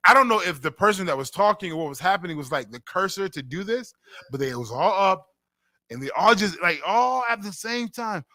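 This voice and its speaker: A man's voice: high-pitched, animated, fairly quick, pushed and bright, no echo. A man from Western New York hosting a casual radio talk show, telling stories animatedly and laughing often. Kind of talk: casual chat.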